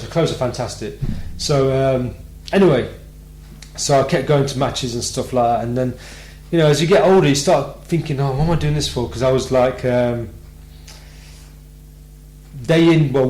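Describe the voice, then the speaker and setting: A man from Britain hosting a live radio show, telling a personal story in a lively way and acting out the voices of the people in it. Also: mid-range voice, moderate pace, reverberant, low-quality recording. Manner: animated storyteller, acts out quoted voices. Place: radio studio.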